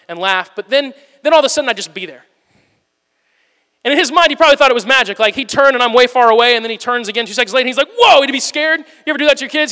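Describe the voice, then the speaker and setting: Male pastor, high bright voice, animated storyteller, big church reverb. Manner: animated storytelling, swings from loud to hushed. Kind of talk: sermon.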